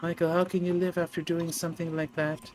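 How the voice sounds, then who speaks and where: A man voicing a haunting dead woman who softly accuses her former lover, read from a game. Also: a little high, level tone, brisk, voice pushed up, lightly acted, low-quality recording. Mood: hushed accusing.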